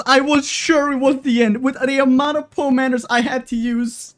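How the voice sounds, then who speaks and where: A woman's voice: high voice, fairly even intonation, moderate pace, hardly any pauses. A young adult woman streaming a game live, talking emotionally and swearing freely as she repeats herself. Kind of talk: live-stream gaming commentary.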